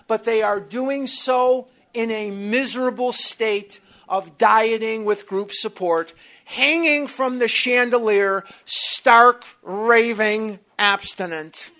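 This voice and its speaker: A speaker from the United States giving a talk to a live group in a meeting room at a recovery workshop, telling personal stories in an animated, blunt way with mild swearing and asides. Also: mid-range voice.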